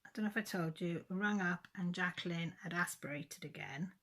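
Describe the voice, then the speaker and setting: A woman with a somewhat low voice, chatting casually to her viewers. She rambles and circles back as she goes. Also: fairly quick, a bit bright. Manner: rambling, loses track of days. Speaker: craft vlogger. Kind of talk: casual chat.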